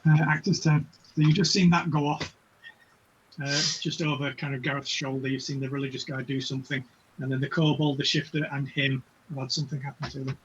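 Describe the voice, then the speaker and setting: A man acting as game master, narrating a tabletop game in a relaxed way with many fillers. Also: mid-range voice, brisk. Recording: dull lo-fi with faint noise.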